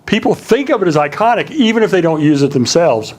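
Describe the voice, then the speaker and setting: A middle-aged man giving a relaxed public lecture, full of ums and questions for the audience. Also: fairly high pitch, quick pace. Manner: relaxed, many fillers, asks the audience questions.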